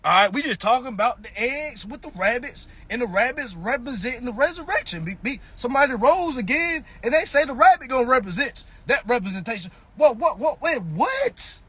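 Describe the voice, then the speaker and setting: A man's voice: extremely high pitch, expressive, fairly quick, hardly any pauses, sharp tone, husky. A man in a casual ranting monologue on a phone live stream, mocking and profane, firing off rhetorical questions.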